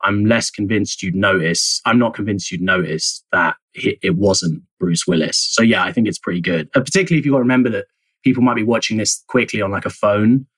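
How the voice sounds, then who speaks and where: A man's voice: on the low side, fairly quick, fairly bright tone, dry recording, poor audio. A man speaking as a journalist guest in an interview, explaining at length with frequent fillers, hedges and restarts. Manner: hedging, many fillers and restarts. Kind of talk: conversational interview answers.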